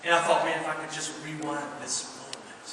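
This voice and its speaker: A man with a Southern US accent preaching a storytelling sermon to a youth crowd, animated and rising to shouts. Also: a little high, a little fast, background noise. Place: large indoor youth venue. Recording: echoey hall from far off, faint ambience.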